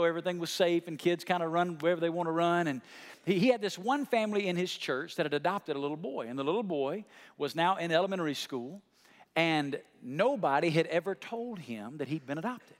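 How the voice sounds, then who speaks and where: A man preaching a sermon, telling a story and building to shouted climaxes. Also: on the high side, quick pace. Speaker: pastor. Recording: reverberant large hall.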